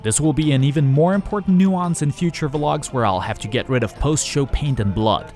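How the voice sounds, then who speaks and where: A man's voice: a little high, fairly quick, darkish tone, soft background music. A young adult man narrating his touring vlog in a dry, matter-of-fact voice-over with wry humor. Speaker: touring drummer and vlogger.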